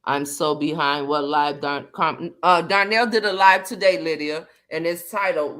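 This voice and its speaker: A woman's voice: low voice, measured pace, few pauses, fairly bright tone. Sassy emphatic woman commentator. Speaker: commentary livestream host. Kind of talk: casual chat, drama commentary.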